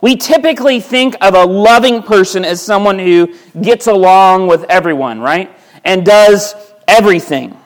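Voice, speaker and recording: A man with a high voice preaches to his congregation in an easy, conversational way. He keeps asking rhetorical questions. He often repeats a word when he starts a phrase over. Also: normal speed. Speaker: pastor. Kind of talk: sermon. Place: church sanctuary.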